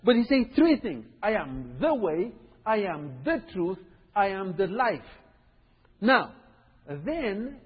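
A man's voice: sits high, slightly rough. A man preaching a sermon in a teaching way, repeating his points and often checking in with the listeners. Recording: dull, echoey hall recording.

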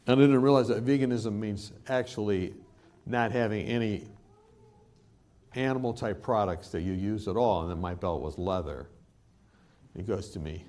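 A man's voice: lowish voice, unhurried, long pauses. A male preacher giving a sermon in a church, telling stories with humor and laughter. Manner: animated storytelling with laughter.

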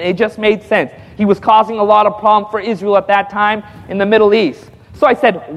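A man giving his testimony to a congregation as an evangelist. He tells the story lively, acts out the dialogue with frequent chuckles, and calls out to the audience for responses. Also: high voice, normal speed, in a large hall, lo-fi sound.

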